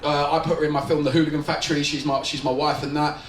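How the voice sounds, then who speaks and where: A man's voice: a little high, little pitch movement, fast talker. A man, a film director at a festival Q&A, rambling, swearing and laughing as he talks. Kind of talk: festival Q&A after a screening. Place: screening venue with an audience. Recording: roomy, distant, audience and noise behind.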